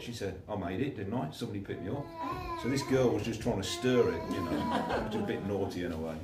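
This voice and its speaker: Heard from a distance in an echoey room, a preacher delivers a casual sermon, chatting through stories and performing each character's voice. He speaks fast and animated in a mid-range voice, with hardly any pauses.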